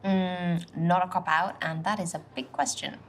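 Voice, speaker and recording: A woman's voice: lowish voice, level tone, moderate pace, a little hiss or hum, natural voice. An actress playing a frank, curious young woman from London on a speed date, probing with playful questions. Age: young adult. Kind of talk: game dialogue.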